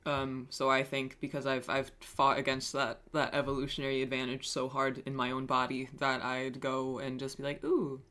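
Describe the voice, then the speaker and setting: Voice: mid-range voice, completely flat delivery, normal speed, hardly any pauses, pushed and bright. A streamer chatting casually on a live stream, reading chat messages aloud and answering them with wry, self-mocking humor and frequent swearing.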